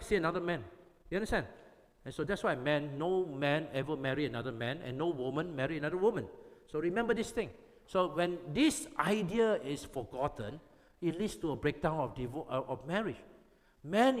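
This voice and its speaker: A pastor preaches in emphatic, repetitive bursts, constantly checking that his listeners follow. His voice sits fairly high for a man. The long reverb of a big hall trails after every phrase. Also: fairly bright tone. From Malaysia. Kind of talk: sermon to youth.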